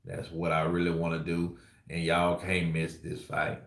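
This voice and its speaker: A man doing an impression of a boxer who talks in a slow, lazy-tongued drawl. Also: low voice, completely flat delivery, vocal fry, a bit bright, voice pushed down, heavily acted. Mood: boastful. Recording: roomy echo.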